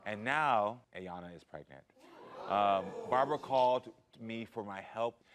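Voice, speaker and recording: A man's voice: fairly low pitch, a little slow, a crowd in the background. A man hosting a talk show, talking to a guest in an emphatic, affectionate way with playful teasing. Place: TV studio.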